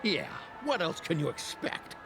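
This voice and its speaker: A man's voice: on the high side, huge pitch swings, unhurried, heavily acted. A grumbling grumpy old man. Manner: grumbling, lecturing. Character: grumpy old man, jaded film critic. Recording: game audio over clear music.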